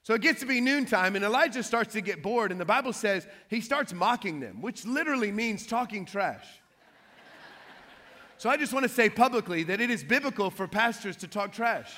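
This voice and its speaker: Bright-voiced preacher, man, playful. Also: sits high, normal speed, in a large hall. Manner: lively storytelling with playful trash-talk asides. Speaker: pastor. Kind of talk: sermon.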